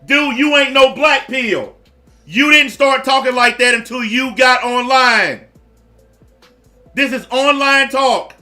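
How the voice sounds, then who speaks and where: A man's voice: very high-pitched, takes it slowly, sharp tone, faint music behind. A man giving blunt, profane reaction commentary in a repetitive rant.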